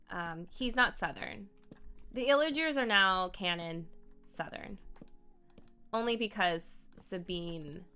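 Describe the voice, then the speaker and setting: A woman's voice: lowish voice, pushed and bright. A woman streamer improvising a story as she games, rambling, playful, with side comments to herself. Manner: rambling, playful, laughs and asides. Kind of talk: improvised storytelling while gaming.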